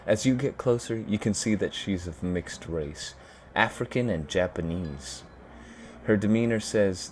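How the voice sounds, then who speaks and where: A man's voice: lowish voice, measured pace, darkish tone, slight background noise. A man hosting a gaming video, chatting casually and reading game text aloud in a laid-back way. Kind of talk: casual let's play commentary and reading.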